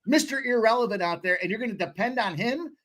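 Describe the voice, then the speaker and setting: A man co-hosting a live sports betting show, arguing his picks in an animated, profane way. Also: sits high, quick pace. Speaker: sports talk show co-host. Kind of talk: casual sports betting chat.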